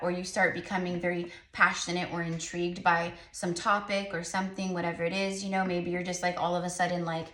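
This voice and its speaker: A woman's voice: lowish voice, flat delivery, brisk, fairly bright tone. A woman giving a spiritual tarot reading to her viewers in an earnest, chatty, encouraging way, repeating her points. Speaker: tarot reader and psychic medium. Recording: echoey room, voice off-mic.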